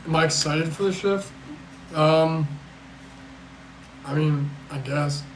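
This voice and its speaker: A man chatting casually on a livestream, rambling and blunt with a fair bit of swearing, reading out questions from chat and answering them. He sounds worn out. His voice sits a bit high for a man and is caught in an echoey room with a faint hiss underneath. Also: slow. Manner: rambling, blunt and profane, with restarts and sarcasm. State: tired. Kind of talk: casual live-stream chat.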